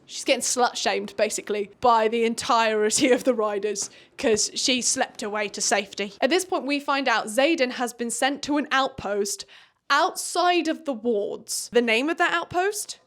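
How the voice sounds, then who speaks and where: Sarcastic girl doing an unhinged book recap, chatty, highish voice. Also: moderate pace, fairly bright tone. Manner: chatty, sarcastic, dramatic asides. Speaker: book reviewer.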